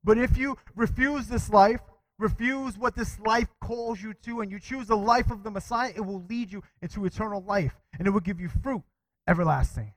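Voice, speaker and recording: A man preaching a sermon with animated delivery, calling out to his congregation for responses and quoting scripture. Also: sits high, normal speed, no echo, poor audio. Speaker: pastor.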